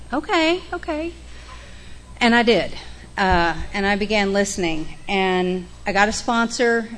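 A middle-aged woman tells her own recovery story with blunt, salty humor, laughing at herself as she goes. Her pitch sits right in the middle, and there is a faint hum of room ambience behind her. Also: a bit bright. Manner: frank and profane, self-mocking, acts out quoted voices. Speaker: speaker sharing her recovery story at a meeting. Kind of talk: candid personal testimony.

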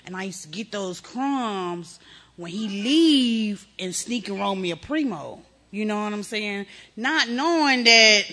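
A middle-aged woman from Texas tells her own story plainly and frankly, slipping into slang as she talks. Her voice is bright and forceful, and her telling is lively. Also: medium pitch. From Texas, USA. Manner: candid, animated storytelling with slang. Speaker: speaker sharing recovery testimony. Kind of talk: personal testimony.

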